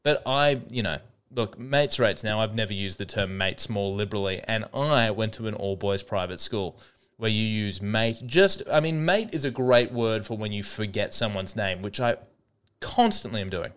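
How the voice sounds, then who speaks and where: A man's voice: lowish voice, normal speed, fairly bright tone, clean tone. A young Australian man hosting his own comedy podcast, talking in a sardonic, self-deprecating solo monologue full of mock-earnest irony.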